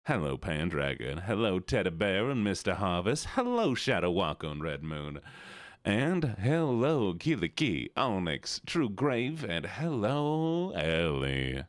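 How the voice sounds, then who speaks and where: A man's voice: deep voice, very animated, a little slow, dry recording, studio quality. A tired but playful man streaming live, greeting his chat one by one. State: a bit tired. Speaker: livestreamer.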